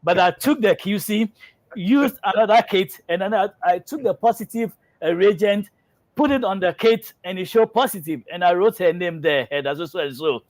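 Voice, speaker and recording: A man's voice: sits high, moderate pace. A man hosting a health show, telling a lab prank story with many fillers and then reading out test result guidance.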